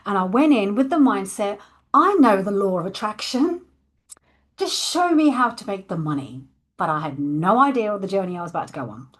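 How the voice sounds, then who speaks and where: A woman's voice: medium pitch, very animated, brisk. A woman, a coach candidly telling her personal story and acting out her past thoughts.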